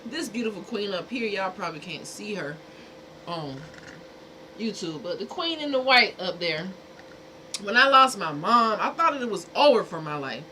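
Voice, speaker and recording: A woman's voice: medium pitch, expressive, moderate pace, sharp tone, slight background noise, low-quality recording. Blunt woman streamer talking to chat. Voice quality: speaking from a dentist's perspective. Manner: blunt, exasperated, talks straight to chat. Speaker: livestream host. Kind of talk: casual livestream talk.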